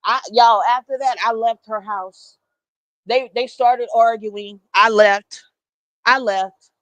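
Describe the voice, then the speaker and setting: A woman telling a story in a blunt, animated way. She swears freely and talks straight to her listeners as y'all. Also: fairly high pitch, slow, no echo, poor audio. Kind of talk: casual storytime.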